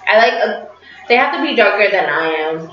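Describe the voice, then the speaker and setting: A woman chatting casually with a friend, animated and sarcastic, acting out what people said. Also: medium pitch, brisk, a little hiss or hum. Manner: animated storytelling, acts out quotes, sarcastic. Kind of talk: casual chat. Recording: slightly roomy, dull lo-fi audio.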